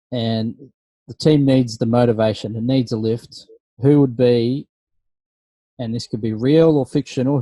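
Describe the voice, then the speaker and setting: A man's voice: mid-range voice, no echo. A man co-hosting a podcast, casually putting questions to a guest. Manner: relaxed, encouraging questioner. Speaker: podcast co-host. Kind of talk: casual interview chat.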